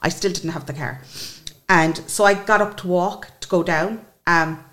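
Irish woman, forties, guest; emotional, lively storyteller with a lowish voice. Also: moderate pace. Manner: emotional, animated, acts out what others said. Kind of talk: personal storytelling in a podcast interview.

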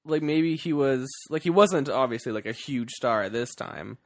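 A man co-hosts a casual movie podcast, laughing easily as he trades playful banter. His voice is gravelly and rises and falls a lot. The recording is dry. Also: mid-range voice, expressive, normal speed, dry recording. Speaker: podcast co-host.

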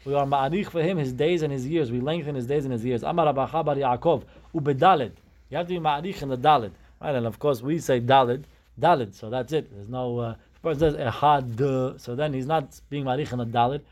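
A man's voice: mid-range voice, a little fast, darkish tone. A man teaching a Talmud class, explaining step by step and mixing Hebrew terms into his English.

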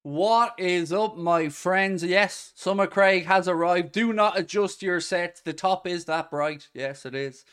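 A man in his forties hosting a football fan podcast, talking in a frustrated, swearing rant with sudden loud outbursts. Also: high voice, measured pace, few pauses, clean tone. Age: 40s. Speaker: podcast host.

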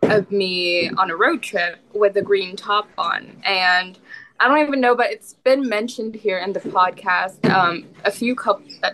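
A woman's voice: medium pitch, steady tone, measured pace, background noise. Female podcast co-host, giggly, casual chatter. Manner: giggly, laughs often. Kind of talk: casual chat.

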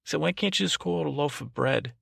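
Guy doing a rambling overprotective old granny, super gravelly, dry close mic. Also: a little high, a little fast, fairly bright tone, no room sound, voice pushed up, full character voice. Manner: meandering, trails off, frequent restarts and "I don't know". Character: rambling overprotective old grandmother, cranky and suspicious. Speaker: podcast host. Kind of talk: comic improvised monologue.

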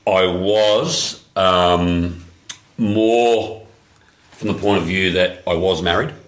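A man, a podcast guest, speaking quietly and hesitantly about his past. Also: sits low, fairly even intonation, slow pace, roomy sound. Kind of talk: casual chat.

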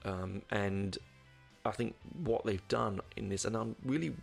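Gravelly low-voiced man reviewing an album. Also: a little slow, faint music behind. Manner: rambling, hesitant, lots of ums and restarts. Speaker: music reviewer.

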